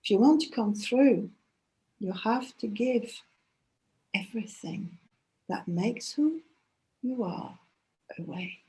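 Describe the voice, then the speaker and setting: A woman voicing a stern male gatekeeper of the underworld, speaking bluntly in a low, quiet voice. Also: lively intonation, takes it slowly, long pauses.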